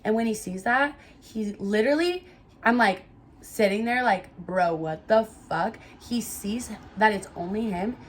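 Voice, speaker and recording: A young woman telling a casual storytime to her viewers, animated and swearing freely. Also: fairly high pitch, normal speed, slight background noise. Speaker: storytime vlogger.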